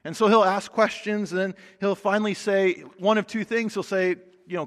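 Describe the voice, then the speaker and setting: A male pastor preaching a sermon, conversational and emphatic, often dropping soft for stress. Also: sits high, steady tone, normal speed, hardly any pauses. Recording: long hall reverb.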